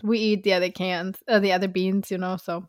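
A woman's voice: medium pitch, flat delivery, brisk, no echo, clean studio sound. A woman hosting a casual podcast interview, asking questions and reacting with short interjections. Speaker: podcast host.

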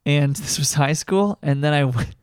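A man co-hosting a podcast in casual comedic chat, rambling and self-deprecating with halting restarts. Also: fairly high pitch, darkish tone, clear, resonant tone, no echo, clean studio sound. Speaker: podcast co-host.

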